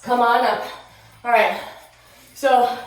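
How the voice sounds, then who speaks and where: A woman's voice: on the high side, slow pace. Breathless woman coaching a workout. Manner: energetic cueing, counting down, chatty asides. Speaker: fitness instructor. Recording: roomy echo, distant mic, music behind.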